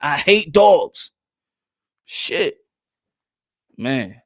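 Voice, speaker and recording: A man telling casual stories on a boxing podcast, animated and profane, laughing often. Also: fairly high pitch, drawn-out words. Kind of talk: casual storytelling chat.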